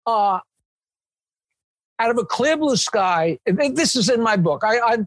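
An older man, a comedian telling a story in an interview, animated and digressive. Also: very high voice, unhurried, no room sound. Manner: animated, digressive storytelling with swearing and quoted voices. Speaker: comedian, guest.

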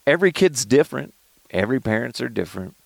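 A man talks through a casual solo podcast from inside a car, cursing freely and laughing as he tells stories. His low, gravelly voice swings widely in pitch. The sound is dry and close. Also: quick pace, no room sound. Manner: profane, animated storytelling, frequent laughs. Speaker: podcast host.

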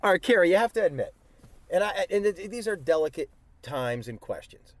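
Excitable stammering male host. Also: sits high, brisk, no echo. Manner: excitable, stammering, laughs often. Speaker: radio show host. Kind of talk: comedy bit interview. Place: parked car.

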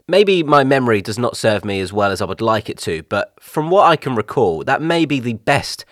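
A man's voice: mid-range voice, very animated, normal speed, a bit bright, no echo, clean studio sound. A man co-hosting a podcast, talking in a reflective, casual way with frequent restarts. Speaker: podcast co-host. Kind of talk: casual chat.

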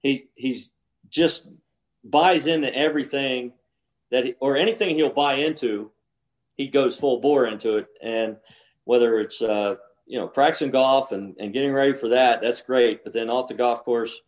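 A man's voice: medium pitch, normal speed. Rambling older man telling golf stories. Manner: rambling storyteller with frequent restarts. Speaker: podcast co-host, former pro golfer. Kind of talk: casual chat.

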